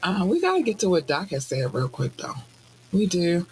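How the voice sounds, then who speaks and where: A woman hosting a podcast in casual chat, bubbly and effusive, squealing with excitement. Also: on the low side, normal speed, a little hiss or hum. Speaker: podcast host.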